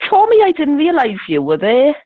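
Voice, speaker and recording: A woman's voice: high voice, huge pitch swings, normal speed. A woman telling a rambling, swear-filled story over the phone, laughing often. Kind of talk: casual storytelling chat. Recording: tinny phone line.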